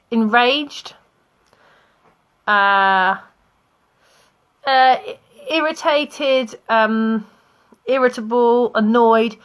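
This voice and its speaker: A young woman with a British accent teaching English vocabulary online, explaining slowly with examples and small laughs. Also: medium pitch, fairly bright tone.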